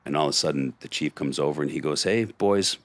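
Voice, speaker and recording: A middle-aged man with an extremely low, deep voice tells a hard-edged story as a podcast guest, in blunt street talk. The sound is dry and close, with no room echo. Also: monotone, rapid-fire, fairly bright tone. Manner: gritty street-talk storytelling, acts out quotes. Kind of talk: storytelling in conversation.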